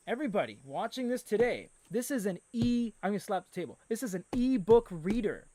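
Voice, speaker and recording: A man hosts a live stream in a loose, chatty way, answering viewers and getting worked up about what he likes. His voice sits high for a man. The sound is dry and close. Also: moderate pace, no room sound. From Canada. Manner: chatty, reads viewer comments aloud, excitable. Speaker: livestream host. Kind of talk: casual live-stream chat.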